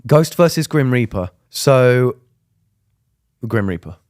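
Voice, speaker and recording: A man co-hosting a podcast in casual comedic chat, blunt and deadpan with sweary jokes. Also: mid-range voice, slow, no echo, clean studio sound. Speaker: podcast co-host.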